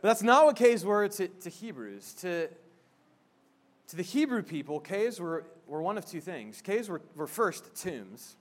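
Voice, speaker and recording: A man's voice: high-pitched, very animated, a little slow. Man preaching in a conversational way. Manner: conversational preaching with frequent restarts; soft, hushed prayer. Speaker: pastor. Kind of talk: sermon.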